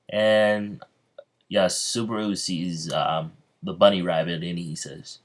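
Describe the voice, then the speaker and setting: A man casually narrating a fan-fiction story as a video creator, halting with fillers and restarts. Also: sits low, steady tone.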